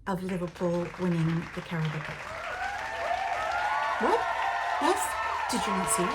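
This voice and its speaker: A woman hosting a knitting podcast in a rambling, chatty way, with frequent laughs and animated asides. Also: fairly low pitch, a little slow, long pauses, a loud crowd, heavy background noise.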